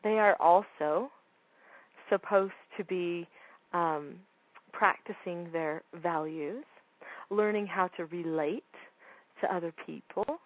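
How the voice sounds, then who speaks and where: A woman's voice: lowish voice, takes it slowly, long pauses, no echo, dull audio. A woman giving a talk on parenting, speaking emphatically and firing off rhetorical questions. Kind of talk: talk to an audience.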